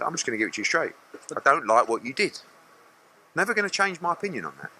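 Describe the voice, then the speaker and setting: Blunt man, bright voice. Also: on the low side, fast talker, a little hiss or hum. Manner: blunt, animated storytelling, mocking voices. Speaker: boxing promoter. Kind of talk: media interview answers.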